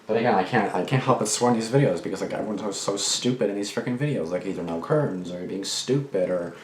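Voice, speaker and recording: A man's voice: on the low side, fast talker. A young man casually rambling through reaction commentary and a personal story, full of fillers, restarts and swearing. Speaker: reaction channel host. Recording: echoey room with faint background noise.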